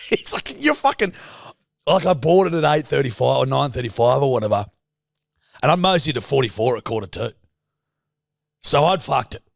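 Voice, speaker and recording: A man's voice: medium pitch, moderate pace, gravelly, long pauses, dry recording, clean studio sound. A young Australian man co-hosting a podcast, telling a story casually, swearing a lot and acting out the dialogue. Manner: swears freely, animated anecdote with quoted dialogue. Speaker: podcast co-host.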